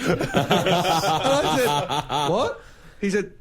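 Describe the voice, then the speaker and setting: A man's voice: medium pitch, fairly quick, creaky, breathy edge. A man casually telling an anecdote as a podcast guest, acting out the voices of the people in his story. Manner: lively storyteller who acts out the other people in his story.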